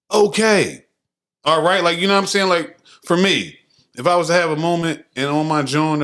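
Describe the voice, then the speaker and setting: A man co-hosting a podcast in blunt, profane, animated casual chat. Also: mid-range voice. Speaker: podcast co-host.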